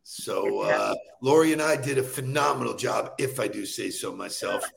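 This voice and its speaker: A man's voice: on the low side, normal speed, creaky. A man hosting a casual morning chat, upbeat and joking. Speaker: host.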